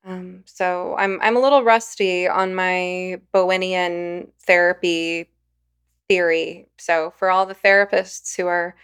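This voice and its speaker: Woman host, smooth clear voice, measured and thoughtful, a bit self-deprecating. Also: fairly low pitch, fairly even intonation, fairly bright tone. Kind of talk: podcast interview.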